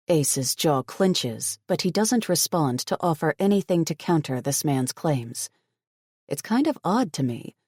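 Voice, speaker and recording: Low-voiced woman narrating an audiobook. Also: darkish tone, dry recording, clean studio sound. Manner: blunt, sarcastic, heavy swearing. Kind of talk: first-person audiobook narration.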